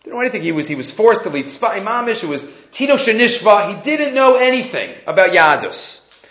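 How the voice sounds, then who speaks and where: A man delivers a storytelling sermon with a high, very lively voice, acting out each character. The recording is roomy and echoey, with a dull, muffled sound. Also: fairly quick. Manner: animated storyteller, acts out characters. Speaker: rabbi or teacher giving a sermon.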